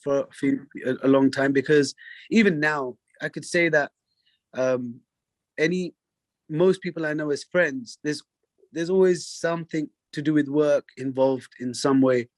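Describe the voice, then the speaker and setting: A man's voice: a little high, measured pace, no room sound. Hesitant man chatting, dry close sound. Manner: hesitant, many fillers and restarts. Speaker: interview guest, singer. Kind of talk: casual interview chat.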